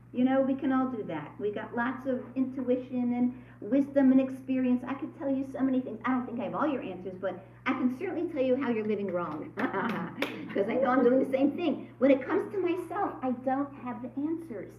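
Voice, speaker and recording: A woman's voice: fairly high pitch, animated, brisk, slight background noise. Earnest woman teaching a religious class. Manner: earnest, asks the room questions. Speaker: teacher leading a women's study group. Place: room with a group. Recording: echoey lo-fi room recording from far off.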